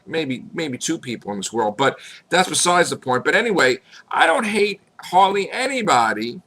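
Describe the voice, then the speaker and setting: Slightly hoarse, bright-voiced man vlogging. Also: sing-song, moderate pace. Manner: emphatic, repetitive, rising to high exclamations. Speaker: YouTube vlogger on fan news. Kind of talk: casual vlog rant.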